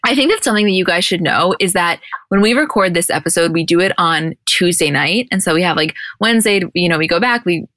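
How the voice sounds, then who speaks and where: Podcast girl talking super fast, lowish voice, dry close sound, does all the quotes herself. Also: no room sound. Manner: animated, acts out quotes from the show. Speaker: podcast co-host. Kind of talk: casual recap chat.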